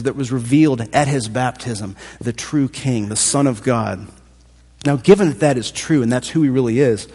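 Husky guy preaching, chatty and thoughtful, big reverby church hall. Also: medium pitch, darkish tone. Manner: thoughtful, conversational preaching with restarts. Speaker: pastor. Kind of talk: sermon.

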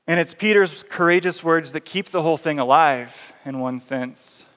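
Conversational preacher in a reverberant hall. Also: male voice, fairly high pitch, moderate pace, a bit bright. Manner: conversational storytelling, acts out scenes. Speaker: pastor. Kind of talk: sermon.

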